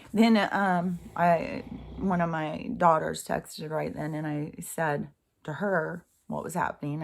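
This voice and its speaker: A woman's voice: on the low side, vocal fry. A middle-aged woman vlogging an emotional, unscripted rant, rambling, swearing and sighing between thoughts.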